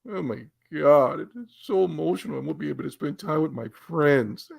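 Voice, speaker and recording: A man's voice: fairly high pitch, lively intonation, normal speed, creaky. A man giving a ranting gaming commentary, indignant and sarcastic in a mocking way.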